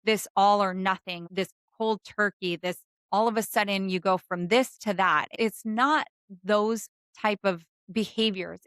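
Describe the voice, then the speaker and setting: A woman hosting a faith-based wellness talk, speaking in an earnest, gentle way and repeating phrases for emphasis. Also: medium pitch, clean tone, no echo. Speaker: podcast host and doctor.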